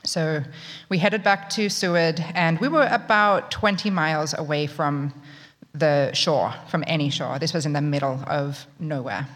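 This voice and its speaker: A woman's voice: low voice, unhurried. Australian woman telling a story in a hall. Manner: wry, humorous, conversational. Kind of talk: live spoken storytelling. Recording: long reverb of a large hall.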